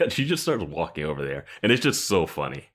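Very deep-voiced man chuckling through commentary. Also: big pitch swings, normal speed, fairly bright tone. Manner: amused, chuckling, rambling commentary. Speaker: podcast co-host. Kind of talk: casual chat reacting to a TV episode.

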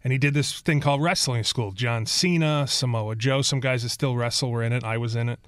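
A man telling stories as a guest in a casual interview, rambling and animated, acting out what people said. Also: mid-range voice, a little fast, no room sound. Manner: rambling, animated storyteller who acts out quotes.

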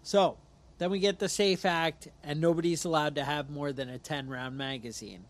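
High-voiced animated man from New York. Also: moderate pace. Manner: animated storyteller, acts out quotes. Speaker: podcast co-host. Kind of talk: casual chat.

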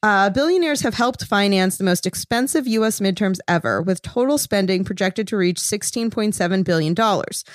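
A woman comedy writer pitching topical jokes, reading setups in a deadpan news style between casual chat. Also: normal speed, hardly any pauses, no room sound, clean studio sound. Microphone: headphones on a call.

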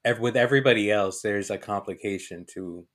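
A man talking as a podcast guest in casual chat, thoughtful and measured. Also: on the low side, fairly bright tone.

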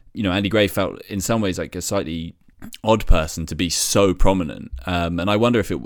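Very deep-voiced man in casual chat. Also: dry recording, clean studio sound.

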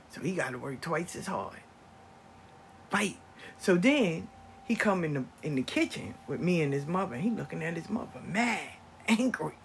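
An older grandparent telling a family story to viewers in an animated, conversational vlog monologue. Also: medium pitch, a little hiss or hum. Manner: animated, acts out family members' voices. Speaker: vlogger.

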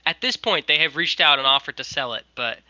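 A young man tells a long story over a video call, animated and full of casual fillers. His voice is very bright and sharp, and it sounds close and dry. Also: a little high, brisk, dry recording, low-quality recording. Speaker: guest, merch maker.

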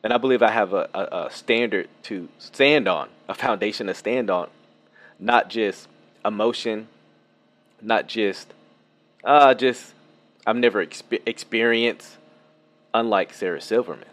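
A man hosting a casual reaction commentary, animated and laughing, with many fillers and restarts, a lawn mower buzzing behind him. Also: fairly low pitch, unhurried, long pauses. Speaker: video commentator. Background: lawn mower buzz.

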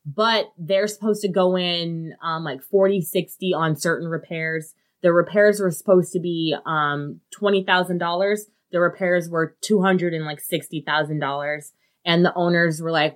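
A woman's voice: fairly low pitch, steady tone, moderate pace. A woman co-hosting a casual chat, telling a story with lots of "like" and casual swearing. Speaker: podcast co-host.

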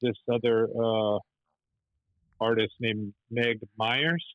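A man's voice: on the low side, steady tone, slow, no room sound. Guy rambling through old stories on a podcast, lots of restarts, muffled lo-fi sound, dry. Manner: rambling, many restarts and filler words. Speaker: animator and musician guest. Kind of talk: storytelling interview.

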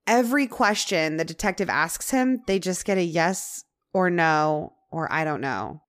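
A young adult woman hosting a podcast, telling a true-crime story in a casual, chatty way. She uses many "like" fillers and drops into dramatic pauses. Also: on the low side. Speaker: podcast host.

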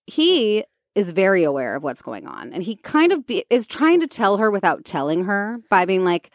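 A chatty woman co-hosting a podcast, retelling a movie story in a lively, animated way. Her voice sits at a middle pitch and is recorded close and dry, with no room echo around it. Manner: animated, chatty, quick bursts of impressions. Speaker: podcast co-host. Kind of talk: casual chat retelling a movie.

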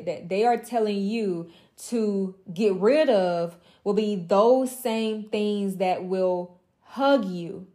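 A young woman with a mellow, dark-toned voice delivers an impassioned motivational monologue to other women. She talks emphatically and repetitively, blunt and profane, slipping into mocking asides. Her pitch sits in an ordinary middle range. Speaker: women's mentor.

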